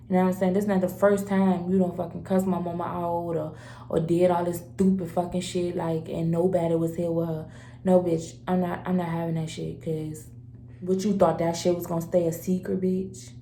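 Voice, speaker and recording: A young woman in her twenties tells a storytime vlog, fired up and swearing freely. Her low voice has a gravelly rasp. The sound bounces around an echoey room. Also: normal speed, a little hiss or hum. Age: 20s. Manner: heated, profane, animated storytelling. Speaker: vlogger.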